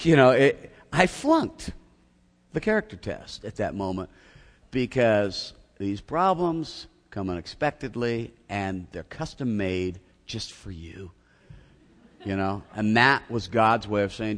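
A middle-aged pastor whose voice sits on the low side preaches slowly, recounting a story with self-mocking humor. He tells it with animation and acts out shouting. The recording has long hall reverb.

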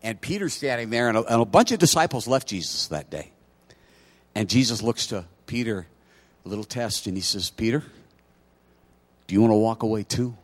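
A man preaching a sermon, telling a personal story in a conversational way and building to loud, emphatic preaching. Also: on the low side, animated, moderate pace, long pauses. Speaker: pastor.

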